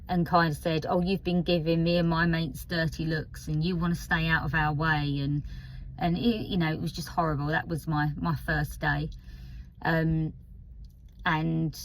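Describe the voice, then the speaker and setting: A woman in her fifties from Essex, speaking with an Essex accent in a candid, hesitant personal vlog with many pauses and fillers, sounding a little nervous. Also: sits low, low-quality recording. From Essex, England. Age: 50s. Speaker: vlogger.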